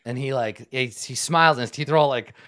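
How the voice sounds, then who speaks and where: Man, game master, casual rambling narration, mid pitch, dry close sound. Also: fairly quick, a bit bright, no room sound. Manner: casual, rambling with many fillers.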